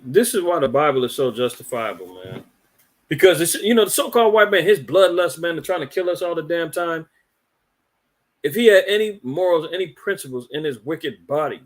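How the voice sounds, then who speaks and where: A man hosting a religious commentary podcast, talking in an indignant, preachy way and rambling with repeated words. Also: a little high. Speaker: podcast host.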